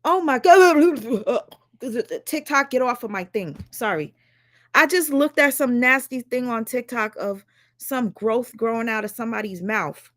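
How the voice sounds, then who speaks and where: A woman's voice: a little high, normal speed, pushed and bright, no room sound, clean studio sound. A woman chatting casually and candidly as a reaction streamer, swearing freely as she talks. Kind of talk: casual chat.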